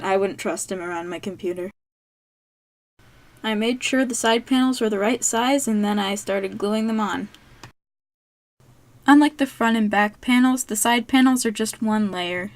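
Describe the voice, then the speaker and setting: A teenage girl narrating her cosplay build in a casual, unscripted vlog, rambling with lots of "um"s and poking fun at herself. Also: medium pitch. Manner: rambling, unscripted, self-deprecating with frequent "um". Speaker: cosplay vlogger.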